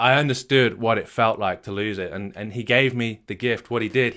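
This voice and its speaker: A man's voice: on the low side, fairly bright tone. A middle-aged man, a marriage coach, telling his own story earnestly, repeating phrases and restarting often. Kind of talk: personal story told to an audience.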